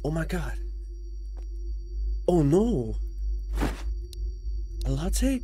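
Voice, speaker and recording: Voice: mid-range voice, animated, slow, pauses often, mellow, soft background music. A young adult commentating live over a game, panicky, often repeating words over and over. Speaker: gameplay commentator.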